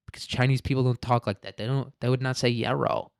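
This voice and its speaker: A man's voice: medium pitch, fairly even intonation, fast talker, creaky, clean tone, no echo, studio quality. A man hosting a podcast, talking through his topic in a rambling, joking way and swearing freely. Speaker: podcast host. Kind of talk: casual podcast monologue.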